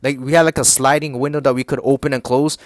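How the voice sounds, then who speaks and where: A man's voice: mid-range voice, level tone, quick pace, no room sound. Young man, casual rant, swears constantly, rambling, dry recording. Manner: rambling, profane, filler-heavy, keeps addressing the audience. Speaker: YouTuber. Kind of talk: casual storytelling rant to camera.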